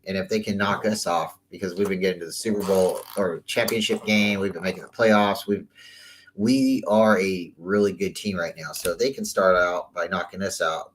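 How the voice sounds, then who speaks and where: Man, lowish voice, casual football picks host, rambling and chatty. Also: low-quality recording. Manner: loose and chatty, repeats words, trails off. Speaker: sports talk host. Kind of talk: casual sports commentary.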